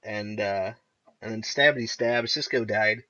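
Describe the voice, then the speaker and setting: Excitable young man, bright voice, lo-fi. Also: lowish voice, unhurried. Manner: excitable, laughs often, acts out characters' lines. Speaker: podcast co-host. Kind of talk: casual chat recapping TV episodes. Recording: dull lo-fi recording.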